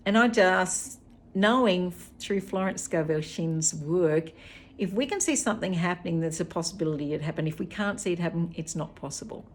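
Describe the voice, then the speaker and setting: A woman's voice: on the low side, moderate pace, slight background noise. A middle-aged Australian woman, a hypnotherapist, telling a personal story in a chatty, unscripted way with fillers and restarts.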